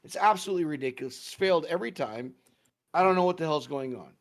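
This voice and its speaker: A young man from the United States with a fairly high voice rants on a casual talk stream. He peppers his talk with "like" and "um" and swears freely. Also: lively intonation, fast talker. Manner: ranting, swearing, frequent fillers. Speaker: podcast co-host. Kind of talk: casual chat.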